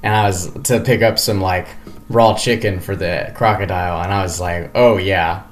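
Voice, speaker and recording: Gushing smitten woman, quoted by a man in a podcast, low and quiet. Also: steady tone, moderate pace, background noise, close to an everyday voice. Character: smitten woman recalling first love.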